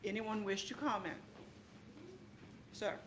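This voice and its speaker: A woman's voice: mid-range voice, fairly even intonation, slow pace, noisy background. A woman chairing a school board meeting, formal and procedural, with hesitant fillers as she reads the rules.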